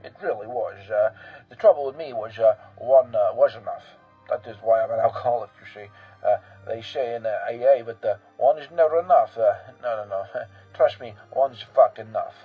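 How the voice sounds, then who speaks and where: A man's voice: mid-range voice, normal speed, slightly rough, narrow, tinny audio, faint music behind, natural voice. A man playing a rambling, boastful European man who pokes fun at himself, in a comic character monologue full of fillers and asides.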